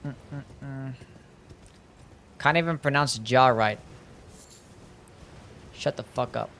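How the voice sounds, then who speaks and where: A man in the middle of a live game stream, talking to his chat at an ordinary, mid-range pitch. He speaks loosely and offhandedly, with casual swearing and laughter mixed in. A faint noise sits under his voice. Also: very slow, gravelly, a bit bright. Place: home streaming setup.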